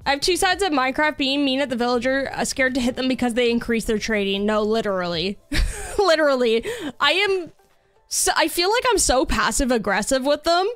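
A woman's voice: sits high, expressive, fairly quick, a bit bright, no echo, faint music behind. A young woman streaming a building game, chatting casually and upbeat with lots of fillers. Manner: chatty and upbeat, many fillers, reads chat aloud. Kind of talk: casual live-stream chat.

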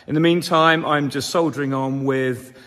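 A man's voice: on the high side, steady tone, moderate pace, a bit bright. A middle-aged man and commercial beekeeper, chatting casually and upbeat with a slightly sore throat. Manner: chatty, upbeat, rambling with fillers. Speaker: commercial beekeeper and channel host. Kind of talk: casual vlog chat. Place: honey house in France. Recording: long reverb.

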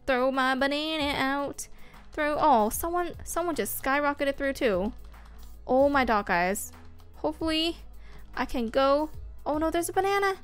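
A woman hosting a gaming video, giving excitable, casual commentary while she plays, with frequent squeals and whoops. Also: high voice, unhurried. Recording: faint game music behind.

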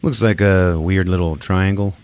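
A man hosting a podcast, retelling a movie in a jokey, laughing, animated way. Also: deep voice, normal speed. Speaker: podcast host. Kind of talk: casual movie recap.

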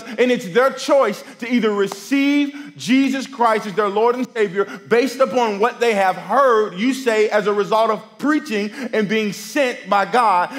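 A man preaching a sermon in a church, telling stories with animated delivery that swings from loud to hushed. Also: high voice. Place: church sanctuary.

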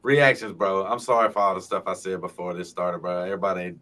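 A man with a low voice judges a livestream music competition. His talk is laid-back and full of slang. It is casual banter among co-hosts. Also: fairly even intonation, quick pace, bright, forceful tone.

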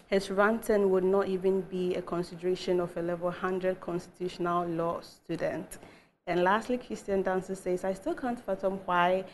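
Low-voiced Ghanaian woman reading messages. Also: little pitch movement, moderate pace, a little hiss or hum. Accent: Ghanaian English. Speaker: co-host reading viewer messages. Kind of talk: reading text messages on air.

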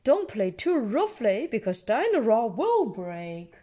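A woman's voice: on the high side, sing-song, slow, warm tone, full character voice. A woman doing a jolly daddy pig. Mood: cheery. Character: jolly, fussy father pig.

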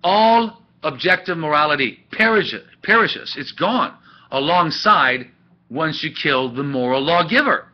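A man teaching an ethics class in a chatty, animated way, with asides and laughs, recorded on a webcam. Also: a little high. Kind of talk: classroom lecture. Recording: dull lo-fi webcam audio.

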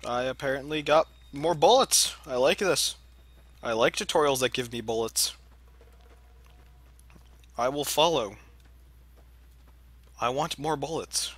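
A man's voice: medium pitch, unhurried, pauses often, dry recording. Goofy young man commenting on gameplay. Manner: goofy, excitable, talks to himself. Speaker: let's play gamer.

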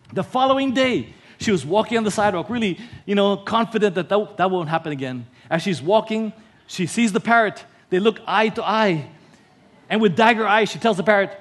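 High-voiced Filipino pastor preaching. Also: male voice, animated, a little fast. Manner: preaching with told stories and repeated lines. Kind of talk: sermon.

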